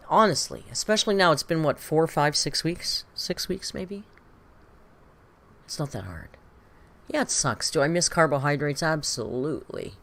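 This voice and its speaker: A British woman streaming a reaction, her voice rising and falling in lively swings. She gossips, wonders aloud and breaks into laughs as she goes. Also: sits low. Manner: chatty and gossipy, laughs often, muses aloud. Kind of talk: casual commentary on video clips.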